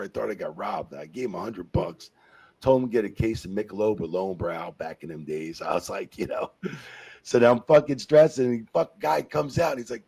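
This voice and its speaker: A low-pitched man with a gravelly, husky voice. He tells rambling stories in a relaxed interview, swearing freely and padding his lines with "you know" and "man.". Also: a little fast. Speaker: guest, retired wrestling referee. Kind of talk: casual storytelling interview.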